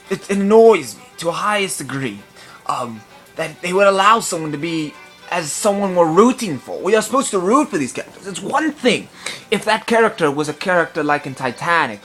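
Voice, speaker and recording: A man giving a comedic film review in a pompous, affected gentlemanly put-on voice, indignant and long-winded. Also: high-pitched. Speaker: movie reviewer.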